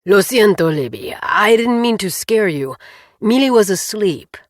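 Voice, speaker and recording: A woman reading an audiobook voices an apologetic grown man, lowering her voice for him. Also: lively intonation, unhurried, dry recording, clean studio sound, lightly acted. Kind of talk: audiobook character voice.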